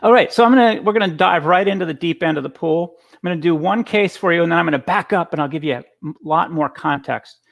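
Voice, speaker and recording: A man's voice: on the high side, fast, creaky, hardly any pauses. A man giving a casual conference talk over a video call, telling stories with frequent restarts. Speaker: guest speaker.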